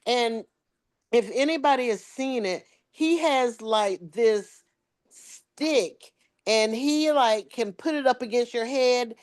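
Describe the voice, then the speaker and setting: A woman tells a story in a relaxed podcast chat. She puts on the voices of the people in it, and her pitch leaps up and down as she goes. She has the easy rhythm of someone talking with family. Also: slow pace. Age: adult with children. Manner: animated storyteller, acts out quoted dialogue. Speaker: podcast co-host.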